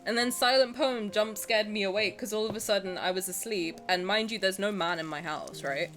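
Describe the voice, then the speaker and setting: A woman's voice: mid-range voice, brisk, a bit bright, soft background music. Chatty, swearing young woman streamer. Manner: chatty, candid and joking, swears freely. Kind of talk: casual live-stream chat while gaming.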